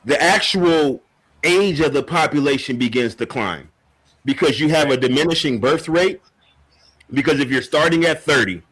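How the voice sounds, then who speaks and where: A man on a casual podcast discussion, laying out an opinionated argument in a deliberate, point-by-point way. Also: on the high side, a bit bright, slightly rough, poor audio.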